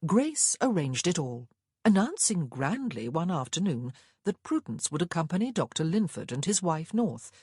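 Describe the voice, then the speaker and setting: A woman reads a historical romance with measured storytelling and a lively, rising and falling pitch. Her voice is breathy and sits close and dry, with no room sound. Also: dry recording. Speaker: audiobook narrator. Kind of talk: scripted narration.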